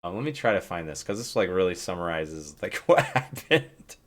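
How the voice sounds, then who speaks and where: A man's voice: low-pitched, normal speed. A man streamer telling stories about game clips in casual chat, laughing a lot as he talks. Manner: animated storytelling, laughs often.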